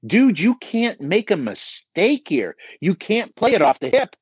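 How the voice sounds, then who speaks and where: Middle-aged male coach, animated and emphatic, mid-high voice, dry close sound. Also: measured pace, husky, no echo. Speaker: auto shop business coach guest. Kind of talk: podcast conversation.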